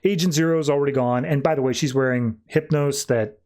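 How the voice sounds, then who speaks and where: A man's voice: medium pitch, steady tone, a little fast, a little mellow. Chatty man recapping comics. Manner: chatty, loose, full of fillers. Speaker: podcast host.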